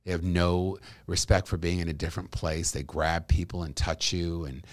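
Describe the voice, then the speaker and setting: A middle-aged man chatting as a podcast guest, telling lively stories and laughing as he talks. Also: deep voice, normal speed, dry recording. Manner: animated storyteller, laughs while talking. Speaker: guest, actor and comedian. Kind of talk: casual podcast chat.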